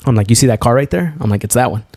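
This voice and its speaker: A young man co-hosting a podcast, telling a story in a loose, profane way and jumping up high when he gets excited. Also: rapid-fire, no room sound. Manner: animated, profane, swings to high laughing exclaims. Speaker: podcast co-host. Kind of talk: storytelling in casual chat.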